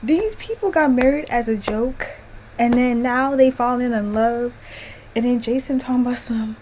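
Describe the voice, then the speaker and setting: A woman vlogger ranting casually to camera at home, animated, swearing and exasperated. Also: fairly high pitch, normal speed, slight background noise, rough recording. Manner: animated, profane, exasperated, laughing often. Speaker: vlogger ranting about a TV series.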